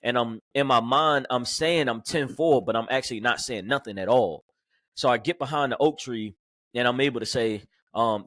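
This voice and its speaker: A man, a police corporal and podcast guest, telling a personal story in a halting way full of fillers and restarts. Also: mid-range voice, fairly bright tone, no echo, clean studio sound.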